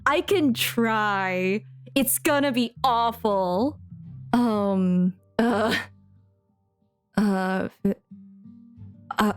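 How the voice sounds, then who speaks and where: A woman's voice: medium pitch, very slow, pauses often, smooth, faint music behind. A young woman streamer and voice actress chatting casually while playing a game, giggly and flustered, rambling. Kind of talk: casual live gameplay chat.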